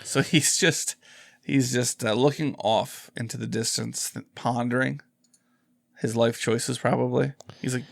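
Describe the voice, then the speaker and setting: A man's voice: medium pitch, fairly even intonation, measured pace, vocal fry, no room sound, studio quality. A man co-hosting a podcast, joking around and agreeing easily in laid-back casual chat. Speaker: podcast co-host.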